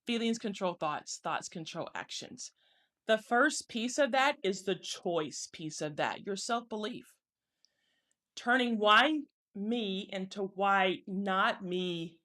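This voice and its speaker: A woman career coach giving an encouraging motivational talk to camera, slowing down to stress key phrases. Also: medium pitch, animated, pushed and bright.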